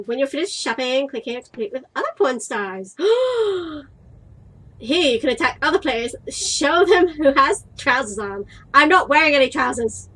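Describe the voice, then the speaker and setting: A woman's voice: high-pitched, a bit bright, rough recording. A young woman giving crude, cheeky let's-play commentary while playing a game, playfully exasperated at what is on screen. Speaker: gaming video creator.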